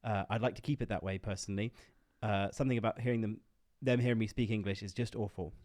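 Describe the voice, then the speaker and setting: A man co-hosting a podcast, reading out a listener's letter in a measured way, with frequent "uh"s. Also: fairly low pitch, steady tone, a little mellow, dry recording, clean studio sound. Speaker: podcast co-host.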